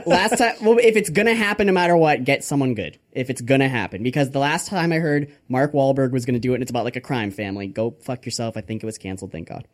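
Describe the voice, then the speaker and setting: A man's voice: mid-range voice, fast talker, hardly any pauses. A man co-hosting a podcast, chatting casually with joking, emphatic opinions. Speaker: podcast co-host. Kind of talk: casual chat.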